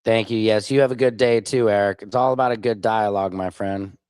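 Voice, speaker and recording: A man's voice: on the low side, fairly even intonation, brisk, a little mellow, smooth, dry recording. A man from Minneapolis hosting a livestream, reacting to clips and answering chat comments in an informal, argumentative way. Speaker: livestream host.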